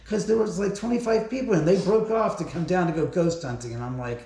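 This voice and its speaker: Man with a slightly high voice, house owner telling ghost stories, loose and profane, very echoey room. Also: fast, vocal fry, dark tone. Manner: rambling, profane, chuckling between stories. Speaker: house owner giving a haunted tour. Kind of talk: casual storytelling. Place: bedroom of a large house.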